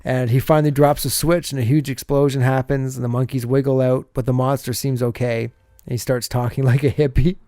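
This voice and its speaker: A man's voice: mid-range voice, level tone, a little fast, dark tone, no room sound, studio quality. A man co-hosting a podcast, casually recapping a TV episode scene by scene and laughing often as he goes.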